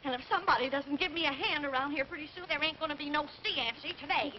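An actress playing a put-upon housemaid who grumbles in folksy, rough grammar, in a 1940s film. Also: female voice, high voice, quick pace, close to an everyday voice. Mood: complaining. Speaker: maid. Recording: dull 1940s film soundtrack with faint hiss.

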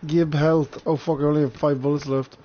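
Sweary young gamer, higher voice. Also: male voice, little pitch movement, fairly quick, lo-fi sound, noisy background. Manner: crude, sweary, laughing banter. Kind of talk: casual gameplay commentary.

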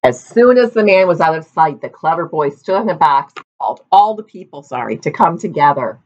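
A woman reading a storybook aloud to children, lively, with playful asides, on a dull lo-fi recording. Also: sits low, a little fast.

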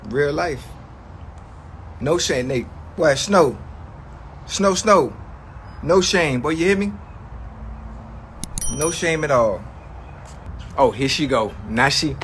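A man's voice: mid-range voice, takes it slowly, pauses often, fairly bright tone, a little hiss or hum. A man ranting to his livestream chat in a comedic, mock-outraged way, slangy and profane, repeating lines for effect.

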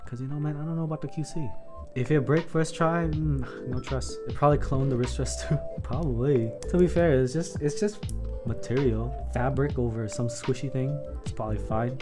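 Casual male streamer, rambling and profane, laughing often, music playing underneath. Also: mid-range voice. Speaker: keyboard-building streamer. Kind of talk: casual stream chat while building.

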